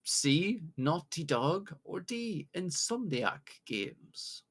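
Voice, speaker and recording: A man's voice: fairly high pitch, very animated, a bit bright, husky. British man hosting a jokey quiz. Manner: jokey, reads questions with drawn-out pauses. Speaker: quiz host. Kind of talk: casual podcast quiz hosting.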